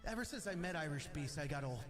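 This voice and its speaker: A high-voiced man rants in a pumped-up, profane stream monologue, looping the same lines to build hype. Loud music pounds under every word, as in a clip played back from a stream. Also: expressive, fast. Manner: loud, revved-up, profane, repeats himself. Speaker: streamer hosting an initiation. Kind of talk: hyped live-stream monologue.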